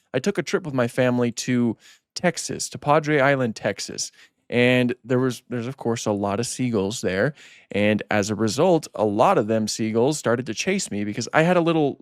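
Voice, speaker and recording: A man's voice: medium pitch, dry recording, clean studio sound. A man hosting a gaming channel, chatting casually as he plays and repeating himself when startled. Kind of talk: casual let's-play commentary.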